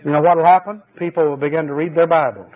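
A man preaching a fervent sermon at a church service, his voice swinging between high exclamations and low, confiding asides. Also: steady tone, fast talker. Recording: tinny old cassette tape recording.

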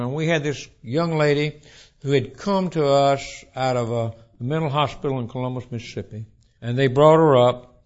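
Preacher guy, kinda high voice, folksy storytelling, dull old recording. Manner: folksy, animated storytelling with restarts. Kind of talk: sermon.

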